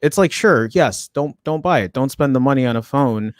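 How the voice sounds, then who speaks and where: A man co-hosting a casual live tech chat, with a deep morning voice and a rambling way of talking full of restarts and fillers. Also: animated, moderate pace, no echo, clean studio sound. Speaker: co-host.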